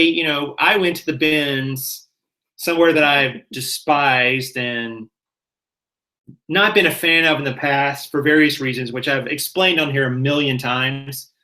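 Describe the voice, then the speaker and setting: A man's voice: on the high side, sharp tone, rough recording. A middle-aged man from the American South with a light Southern accent, hosting a casual chat about reselling and rambling a little as he corrects himself. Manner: chatty, rambling, self-correcting. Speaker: reseller channel host.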